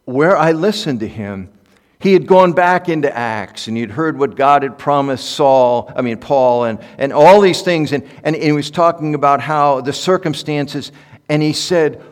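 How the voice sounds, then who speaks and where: Pastor guy giving a sermon, goes soft then gets loud and fired up, big echoey hall sound. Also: on the high side. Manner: swings from soft asides to loud impassioned peaks. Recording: echoey hall with long reverb.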